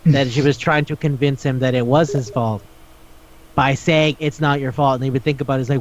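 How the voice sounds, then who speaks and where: A fairly high-voiced man chatting on a podcast, animated and profane, slipping into the voices of the characters he describes. The recording is dull and lo-fi. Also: a little fast, a little hiss or hum. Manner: animated, acts out characters' lines, swears often. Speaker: podcast co-host. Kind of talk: casual chat recapping a manga.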